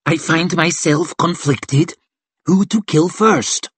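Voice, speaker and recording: A man voicing a bold, towering woman warrior who speaks in loud, grand, theatrical declarations in an audiobook. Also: takes it slowly, slightly rough, no room sound. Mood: grandly calm. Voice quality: loud, booming even in whispers. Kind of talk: audiobook character voice.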